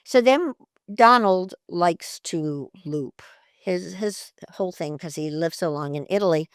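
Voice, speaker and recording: An older actress, a guest in an interview, tells lively anecdotes, laughs often and acts out the voices of people in her stories. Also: on the low side, measured pace, no echo, clean studio sound.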